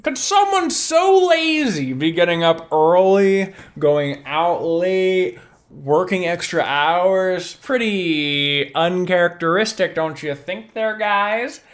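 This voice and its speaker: A sly young gang leader, cool-headed and drawling, needling his crew with mock questions, as a man puts him on. The voice sits somewhat high and moves in a lazy, teasing way. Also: animated, takes it slowly.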